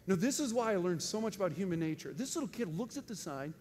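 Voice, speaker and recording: A man preaching with an animated storytelling manner, laughing often and breaking into sudden loud outbursts. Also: high-pitched, fast talker. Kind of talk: storytelling sermon. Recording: faint noise and long hall reverb.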